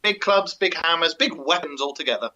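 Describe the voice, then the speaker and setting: Bright-voiced man, dry jokey co-host. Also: fairly high pitch, expressive, a little fast. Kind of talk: live show chat and story reading. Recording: dull lo-fi audio.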